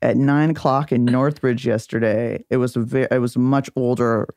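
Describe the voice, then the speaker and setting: A woman's voice: extremely low pitch, moderate pace, no room sound. A woman in her forties, a memoir author, telling candid stories with a lot of swearing and acting out quotes in a podcast studio. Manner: profane, animated storytelling, acts out quotes. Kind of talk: candid casual chat.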